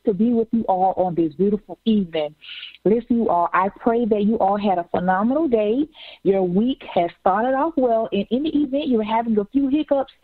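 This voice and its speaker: A woman hosting an inspirational talk show, energetic and chatty, repeating herself and speaking straight to her listeners. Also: fairly high pitch, no room sound, narrow, tinny audio. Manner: energetic, repeats words, addresses listeners as "you all". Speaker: podcast host.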